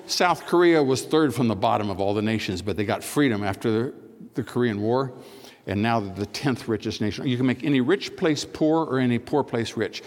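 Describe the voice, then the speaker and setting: An older American man giving a public speech, telling anecdotes, acting out dialogue and pausing for emphasis. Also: mid-range voice. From United States. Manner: storytelling, acts out dialogue, measured pauses for emphasis. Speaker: speaker. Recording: long hall reverb.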